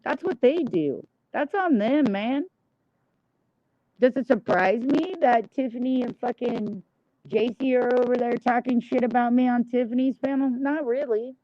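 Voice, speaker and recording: A woman's voice: on the high side, dry recording. A woman livestreamer ranting in a blunt, heavily profane, indignant monologue. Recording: dull, dry lo-fi mic.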